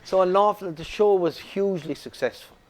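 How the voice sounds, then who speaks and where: Animated Irish male storyteller. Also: high voice, brisk. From Ireland. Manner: animated storyteller, many restarts. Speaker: guest actor. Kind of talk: casual interview chat.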